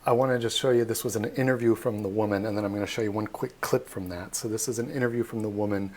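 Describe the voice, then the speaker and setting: Casual male tour guide, jokey, lowish voice. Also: steady tone, quick pace, darkish tone. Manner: chatty, jokey, uses many fillers. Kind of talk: casual live-stream presentation.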